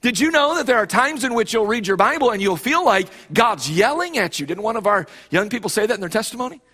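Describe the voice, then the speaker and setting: A man's voice: high-pitched, animated, fast talker, pushed and bright. A male pastor preaching a sermon with emphatic delivery, often repeating and restarting phrases.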